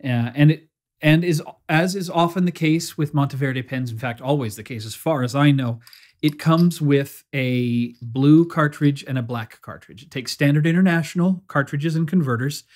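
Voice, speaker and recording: A man's voice: a little high, normal speed, darkish tone. A young adult man hosting a casual product review from a small home studio, chatty and self-deprecating, with frequent restarts. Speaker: pen reviewer, channel host.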